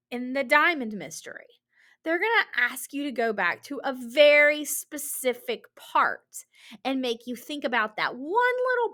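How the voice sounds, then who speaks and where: Woman teacher doing a reading lesson for kids, bouncy pitch, keeps asking right?. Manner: animated, encouraging, asks many rhetorical questions. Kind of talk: recorded classroom lesson for children.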